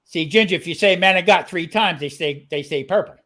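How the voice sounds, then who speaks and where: A man's voice: fairly high pitch, fairly quick, a bit bright. An older man co-hosting a casual chat show, telling rambling, jokey stories. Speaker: co-host.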